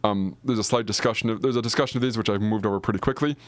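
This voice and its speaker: A man's voice: on the low side, fairly even intonation, very fast, dry recording. A man teaching Greek grammar in a recorded video lecture, explaining casually with many ums and restarts. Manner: casual, filler-heavy explaining with frequent restarts. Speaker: Greek professor.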